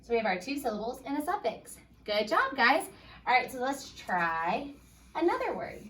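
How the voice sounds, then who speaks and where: A woman teaching a first grade phonics lesson, upbeat and patient, sounding out words slowly for young children. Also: sits high, very animated, fairly bright tone, far from the mic, a little hiss or hum.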